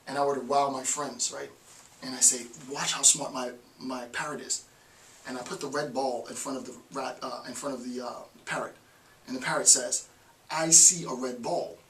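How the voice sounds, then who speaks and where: Echoey, bright-voiced man lecturing. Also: medium pitch, flat delivery, moderate pace. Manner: conversational, repeats phrases for emphasis. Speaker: philosophy lecturer. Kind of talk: informal recorded lecture. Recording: echoey room, mic at a distance, faint hiss.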